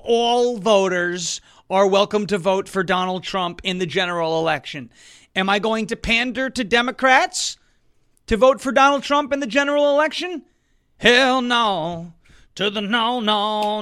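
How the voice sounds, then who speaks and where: High, bright-voiced fired-up male pundit. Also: smooth. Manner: sarcastic, mocks opponents in put-on voices; loud emphatic outbursts. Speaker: political show host. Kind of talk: animated political commentary.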